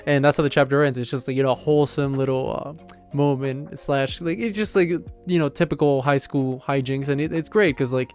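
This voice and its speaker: A man's voice: medium pitch, fairly quick, darkish tone, soft background music. A man casually recapping a manga chapter, rambling with lots of filler words and amused laughs. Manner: rambling, heavy on "like" and "you know" fillers; amused, laughs while retelling.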